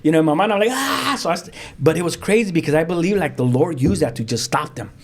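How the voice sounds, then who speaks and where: Animated Los man telling a story. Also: a little high, quick pace. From South Central Los Angeles. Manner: vivid, acts out sound effects and quotes; frequent restarts, street slang. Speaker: pastor telling his story as a guest.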